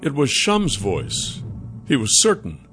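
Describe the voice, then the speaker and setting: A man narrating a fantasy audiobook in a measured, deliberate way. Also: mid-range voice, huge pitch swings. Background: faint music.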